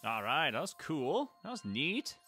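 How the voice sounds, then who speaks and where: Soft background music accompanies a gaming host whose fairly high voice moves a little slowly. He chats through his play, talking to the creatures and letting out excited exclamations.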